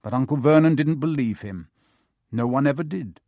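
A man reading an audiobook with lively, expressive narration. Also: medium pitch, normal speed, dry recording, studio quality.

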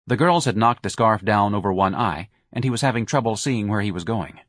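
A man narrating an audiobook in a wry, measured storytelling manner, recorded on a close studio mic. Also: fairly low pitch, animated, a bit bright, no room sound.

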